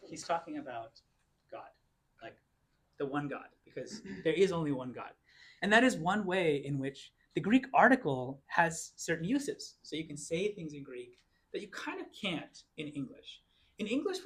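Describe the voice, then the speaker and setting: Lively-voiced man teaching a Greek class. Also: a little high. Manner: explains patiently, reads Greek slowly word by word. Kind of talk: classroom lecture. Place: church classroom.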